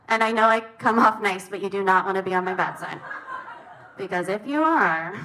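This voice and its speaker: A woman's voice: mid-range voice, pushed and bright, rough recording. A female stand-up comedian telling a dating story in a chatty, self-deprecating way. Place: comedy club stage. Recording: live club recording with crowd noise. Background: audience laughter.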